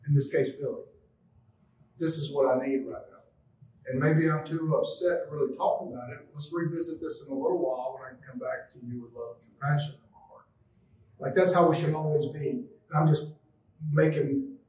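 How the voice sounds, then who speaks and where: A man's voice: fairly high pitch, darkish tone. A man giving a casual spiritual talk, rambling and conversational, with casual swearing. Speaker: spiritual group leader. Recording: roomy, distant mic.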